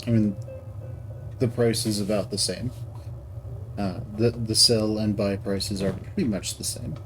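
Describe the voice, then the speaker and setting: A man with a fairly low voice gives casual commentary while he plays a game. He thinks out loud, trails off and restarts his sentences as he goes. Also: fairly even intonation, measured pace, faint music behind, poor audio. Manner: thinks aloud, rambling with restarts. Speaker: game streamer.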